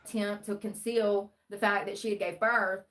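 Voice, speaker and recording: A woman's voice: mid-range voice, level tone, normal speed, a bit bright. A woman livestreaming true-crime commentary, rambling and sarcastic as she reads the news aloud. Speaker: live streamer.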